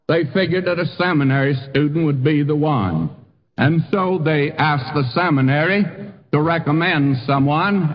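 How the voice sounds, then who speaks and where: An older man preaching a sermon in earnest, drawing out key phrases slowly for emphasis. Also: fairly high pitch, big-room sound, muffled recording. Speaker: pastor. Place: church sanctuary.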